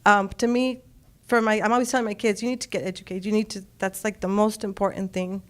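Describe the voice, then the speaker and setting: A woman's voice: medium pitch, level tone, fast talker. Middle-aged woman, storyteller, emotional, laughs a lot. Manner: emotional, laughs often, quotes others. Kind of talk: personal story told on stage.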